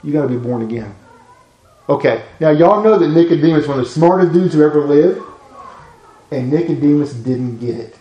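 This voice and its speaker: A folksy preacher, a man who slips into little voices to act out the scripture. His voice sits a touch high for a man and carries the echo of a roomy hall. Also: a little fast, highs cut off. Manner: folksy, acts out Bible dialogue in voices. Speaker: pastor teaching a class. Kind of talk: informal sermon.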